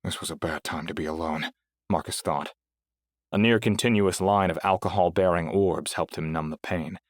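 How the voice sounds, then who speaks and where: A man with a notably deep voice reads a novel aloud in steady, even scripted narration. He is recorded close on a dry booth mic with no room sound. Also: normal speed, dry recording. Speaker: audiobook narrator.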